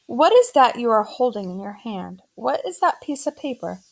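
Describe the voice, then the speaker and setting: A woman voicing a solemn young boy who talks in a gentle, formal way. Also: fairly high pitch, sing-song, moderate pace, creaky, full character voice. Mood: earnest.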